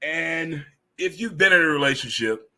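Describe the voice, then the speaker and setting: A man's voice: fairly high pitch, expressive, moderate pace, bright, forceful tone. A man in his fifties hosting a casual live chat show, joking and laughing easily as he talks. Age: 50s. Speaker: host.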